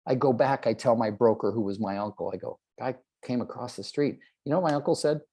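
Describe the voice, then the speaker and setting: A man's voice: mid-range voice, fast talker, warm tone. A man in his sixties, a real estate trainer, giving a motivational talk and acting out the people in his stories. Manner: storytelling, acts out quoted people.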